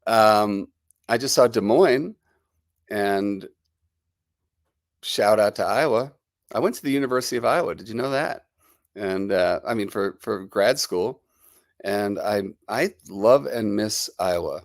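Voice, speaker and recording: A man's voice: fairly low pitch, expressive, unhurried, pauses often, dry recording, clean studio sound. Chatty New Jersey man with a cold. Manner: chatty and rambling, greeting viewers. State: has a lingering cold. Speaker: livestream host. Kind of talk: casual live-stream chat.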